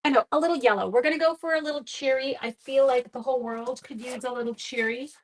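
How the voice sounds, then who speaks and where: A woman with a somewhat high voice runs a casual craft livestream. She chats bubbly and freely, greeting viewers as she works. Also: quick pace. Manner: chatty and bubbly, chatting with viewers. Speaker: stamping craft demonstrator and host.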